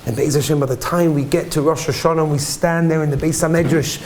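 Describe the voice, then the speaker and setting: High-voiced rabbi pleading in a sermon. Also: male voice, steady tone, fast, slight background noise. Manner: swings between pleading shouts and hushed near-whispers. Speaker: rabbi giving a talk. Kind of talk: emotional story sermon.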